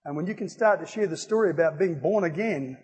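A man preaching an evangelistic sermon, emphatic and rising to loud exclamations. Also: fairly high pitch, fast talker, husky. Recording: reverberant hall.

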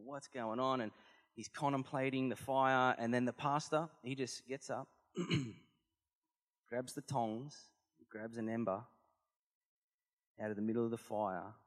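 Male pastor, earnest conversational sermon delivery, average pitch, reverberant church hall.

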